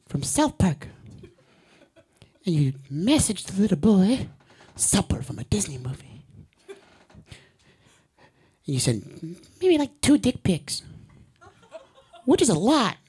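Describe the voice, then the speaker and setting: A man doing stand-up in a put-on soft, timid little boy voice like a cuddly cartoon bear, meek and stammering, on a comedy club stage. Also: sits high, slightly rough, exaggerated voice. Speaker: stand-up comic. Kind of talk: stand-up set in a character voice.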